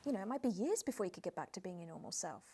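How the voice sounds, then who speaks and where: A woman's voice: lowish voice, big pitch swings, racing, warm tone, slightly rough, full character voice. A British woman playing a self-styled outback expert who turns amateur therapist, with a theatrical, flowery, condescending manner in a comedy sketch.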